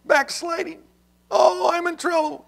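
A pastor voicing a worried man who fears he has backslidden, in a high, whiny voice. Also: fairly even intonation, measured pace, vocal fry, a bit bright, full character voice. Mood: fretful. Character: fretful backslidden man in old revival.

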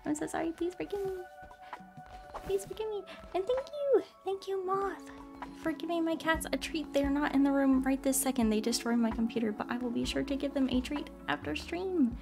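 High-voiced bubbly woman streamer over music. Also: a little fast, gravelly. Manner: bubbly, apologetic, greets chatters by name. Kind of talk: casual live-stream chat while gaming. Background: game music.

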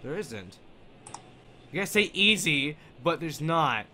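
A high-voiced young man narrating a horror game, his pitch leaping all over the place between hushed mutters and panicked shrieks. He swears constantly and sounds jumpy. The home recording carries a clear hiss of background noise. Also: sing-song, slow. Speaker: let's play gamer.

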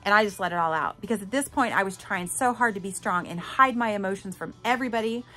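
Candid, bright-voiced woman telling her story. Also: medium pitch, quick pace, faint music behind. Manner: candid and emphatic, swears casually, addresses listeners directly. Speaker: podcast host. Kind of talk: personal storytelling monologue.

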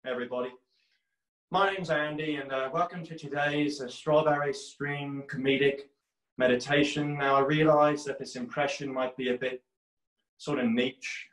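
A man impersonating a calm male meditation guide, speaking slowly and gently. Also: mid-range voice, echoey room, lightly acted, low-quality recording. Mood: soothing. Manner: slow, gentle, drawn-out guided meditation delivery.

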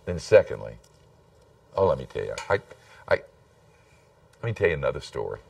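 A man's voice: rumbling low, big pitch swings, normal speed, creaky, no echo, far from the mic. An older man, telling stories in a folksy, self-deprecating sermon. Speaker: preacher. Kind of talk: storytelling sermon.

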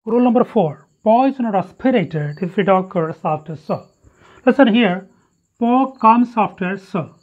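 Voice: medium pitch, lively intonation, measured pace. A teacher giving a phonetics lesson, drilling example words one by one and correcting wrong pronunciations. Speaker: English teacher. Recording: dull lo-fi recording.

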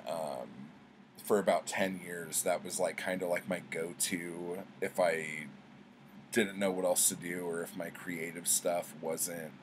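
A man with a deep, low voice chats unhurriedly on camera, jokey and rambling, full of ums and asides. A faint hum of room ambience sits behind him. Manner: rambling, jokey, many fillers. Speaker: booktuber. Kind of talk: casual chat.

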